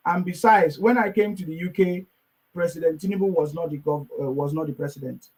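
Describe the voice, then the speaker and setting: A man's voice: on the high side, brisk, a little mellow, husky. A man hosting a heated live discussion who lectures insistently and repeats himself. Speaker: host.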